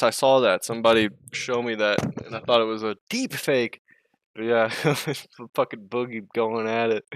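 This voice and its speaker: A man's voice: lowish voice, a bit bright, dry recording, clean studio sound. A man streaming and chatting casually, rambling, interrupting himself, swearing and laughing often.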